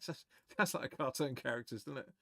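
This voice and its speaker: A man hosting a live fan watch-along of a football match, chatting excitably, swearing, and reading viewer comments aloud. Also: mid-range voice, fast, creaky, no echo, clean studio sound.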